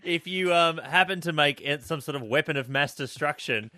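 A man's voice: a little high, normal speed, bright, forceful tone, a little hiss or hum. A man hosting, adding quips and introducing callers. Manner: quips and laughs along. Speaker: host. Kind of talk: radio-style chat.

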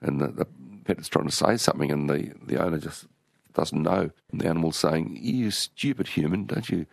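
Very deep gravelly Australian man. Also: fairly even intonation, a little fast, dry recording, studio quality. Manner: rambling, with frequent restarts and storytelling. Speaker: author and interview guest. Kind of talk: relaxed conversational interview.

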